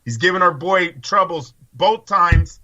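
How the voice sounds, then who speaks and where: A man's voice: high voice, expressive, measured pace, lo-fi sound, background noise. A man co-hosting a casual boxing podcast, giving rambling, opinionated takes with casual swearing. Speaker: co-host.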